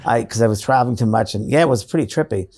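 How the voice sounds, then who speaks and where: A man speaking as a guest in a casual interview, his dark voice gravelly and husky. He tells earnest stories at mid pitch, often restarting his sentences as he goes. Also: racing. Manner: earnest storytelling with frequent restarts. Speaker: psychic medium guest.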